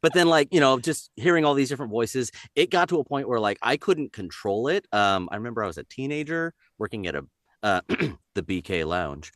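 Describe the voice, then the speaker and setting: A man's voice: medium pitch, brisk, no echo, studio quality. A man, a voice actor, talking casually on a podcast and breaking into voices. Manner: animated, jumps into voices.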